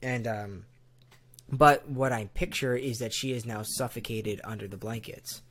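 A man's voice: mid-range voice, fairly even intonation, measured pace, a bit bright. A young man in casual podcast chat, rambling with lots of fillers and easy laughs. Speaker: podcast co-host.

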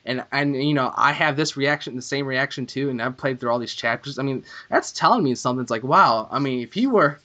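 Man, podcast co-host, casual chat, excitable, gushing, bright tone. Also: brisk, few pauses. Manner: excitable, gushing, swings loud and high when thrilled.

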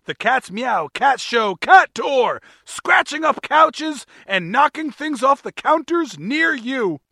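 A man's voice: very high voice, very animated, slow, creaky, sharp tone, no room sound, studio quality, full character voice. A man doing a hammy cat-show announcer. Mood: hyped. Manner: mock accent, over-the-top hype.

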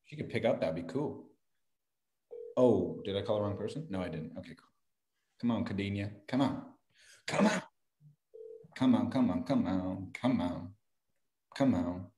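A man's voice: fairly low pitch, normal speed, long pauses, a little hiss or hum. Teasing man in an echoey room. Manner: loud, teasing, laughs often. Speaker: sales coach making cold calls on a game. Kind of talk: casual banter.

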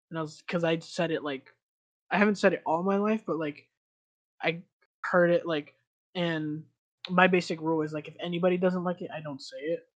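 A man's voice: on the high side, fairly even intonation, moderate pace, a bit bright, highs cut off. Young guy, tiny hispanic accent, rambly podcast chat, lots of likes and ums. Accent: slight Hispanic. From United States. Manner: rambling, laughs often, many likes and ums. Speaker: podcast co-host. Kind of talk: casual chat.

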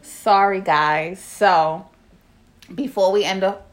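A woman's voice: medium pitch, steady tone, slow pace. A young adult woman co-hosting a podcast in casual chat, blunt, laughing often and swearing freely. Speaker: podcast co-host.

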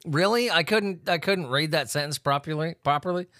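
Male host, fairly high voice, foul-mouthed sarcastic news riffing, dry booth sound. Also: normal speed, fairly bright tone, dry recording. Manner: swearing, laughing, sarcastic asides. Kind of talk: profane comedic news commentary.

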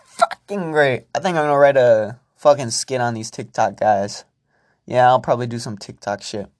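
A man's voice: mid-range voice, fairly even intonation, moderate pace, a little mellow. A young man hosting a casual solo podcast, rambling and swearing freely as he talks to himself and his listeners. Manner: profane, rambling, self-talking. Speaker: podcast host.

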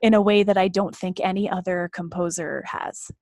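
A woman's voice: fairly low pitch, little pitch movement, normal speed, darkish tone, no echo. Female co-host, 30s, earnest and effusive, dry close sound. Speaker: podcast co-host. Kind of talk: casual chat.

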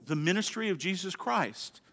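A man with a high, bright voice preaches in a church sanctuary, his words ringing out with a long reverb. He swings from hushed, drawn-out phrases to emphatic bursts as he preaches. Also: lively intonation. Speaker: pastor. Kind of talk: sermon. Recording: long reverb of a large hall.

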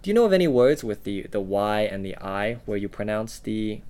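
A man co-hosting a language-learning podcast, explaining words in a relaxed way with fillers. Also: lowish voice, normal speed, clean tone. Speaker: podcast co-host. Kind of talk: casual language lesson podcast.

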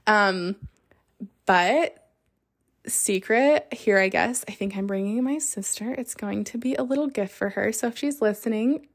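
Woman, 30s, podcast host; casual, excitable storyteller. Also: mid-range voice. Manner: chatty, excitable, lots of fillers like "like". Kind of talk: casual chat.

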